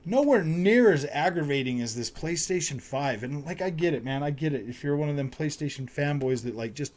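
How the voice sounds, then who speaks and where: Fairly quick and lively in intonation, this man's slightly high, slightly mellow voice carries a frustrated, casual rant aimed at his gaming and tech channel viewers. He keeps repeating himself and leans heavily on "man" and "dude."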